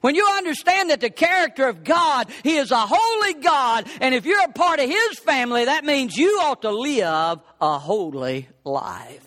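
High, lively, emphatic male preacher. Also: normal speed, few pauses. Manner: emphatic, repeating words for stress, rising to shouts. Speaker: pastor. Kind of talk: sermon.

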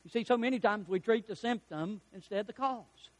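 High-voiced preacher man, storytelling. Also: fairly quick. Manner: storytelling preacher, acts out quotes, chuckles at own jokes. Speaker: pastor. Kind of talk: sermon.

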